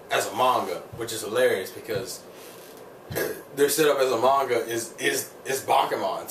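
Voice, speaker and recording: A man's voice: medium pitch, fairly bright tone. Male vlogger, casual heated review, loose and profane; faint room noise behind him. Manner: rambling, profane, heated ranting full of "like". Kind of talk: casual spoken episode review. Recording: roomy sound from a distant mic, faint ambience.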